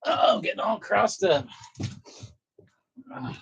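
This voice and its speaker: A man's voice: sits high, lively intonation, slow, vocal fry, a bit bright, slightly rough, highs cut off. A man chatting casually with his viewers at home in a loose, rambling way, swearing now and then. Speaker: vlogger. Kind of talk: casual chat to viewers while doing chores. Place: apartment at home.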